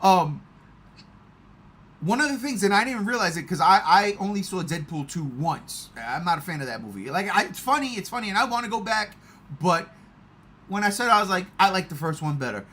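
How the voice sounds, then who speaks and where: Excitable man with a husky voice. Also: high-pitched, moderate pace. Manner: excitable, swears often, animated bursts. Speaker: podcast host. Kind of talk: casual movie review chat.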